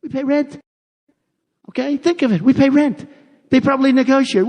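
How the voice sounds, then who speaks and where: A man's voice: extremely high pitch, normal speed, darkish tone. A man giving a campaign rally speech. He talks off the cuff, repeats himself and boasts. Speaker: political candidate. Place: large rally venue. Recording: long arena reverb.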